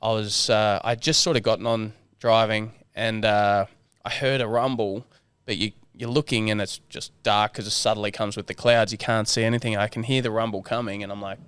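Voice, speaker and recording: An Australian man in his thirties, a guest on a casual podcast, telling stories in a relaxed way, swearing freely and acting out what others said. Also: lowish voice, a little fast, clear, resonant tone, dry recording. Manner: relaxed storyteller, swears freely, acts out quotes. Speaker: guest sailor.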